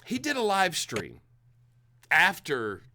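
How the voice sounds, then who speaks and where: A man co-hosting a casual drinking podcast chat, animated and laughing, slipping into mocking impressions. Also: high voice, slow pace. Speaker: podcast co-host.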